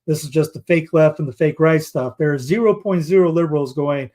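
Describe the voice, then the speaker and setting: A man's voice: on the high side, fairly quick, few pauses, darkish tone. A man hosting a commentary show, reading news headlines aloud in a rambling, casual way with asides.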